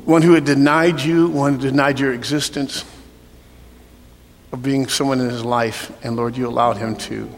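Pastor, male, impassioned preaching that swells loud then sinks to near-whisper prayer, big church hall, soft music underneath. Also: medium pitch, fairly even intonation, moderate pace. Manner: swings from shouted preaching to hushed altar-call prayer. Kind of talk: sermon. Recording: long hall reverb, soft music behind.

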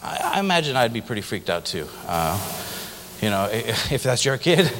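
With a mid-range, slightly bright voice, the missionary sounds very animated at a moderate pace as he recounts his personal testimony in a casual way, occasionally acting out others' voices. There's slight background noise and the long echo of a big hall.

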